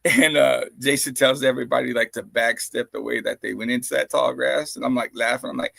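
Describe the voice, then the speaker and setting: A man's voice: medium pitch, brisk, gravelly, few pauses, no echo. A man casually telling profane, laughing stories on a live-streamed chat show. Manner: profane, laughing, animated anecdotes. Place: home streaming setup. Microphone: streaming microphone.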